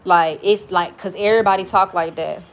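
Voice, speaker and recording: Her voice is lowish and fairly even in intonation, and she talks fairly quickly. She's a young adult cooking vlogger with a Southern US accent, cooking at home and chatting frankly, telling stories and swearing freely.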